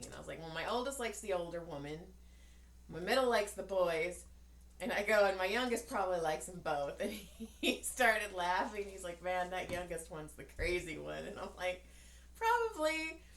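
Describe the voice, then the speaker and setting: Animated storytelling woman in an echoey room. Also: on the low side. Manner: animated storyteller acting out quotes, swears freely. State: tired. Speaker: podcast co-host. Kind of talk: casual storytelling chat.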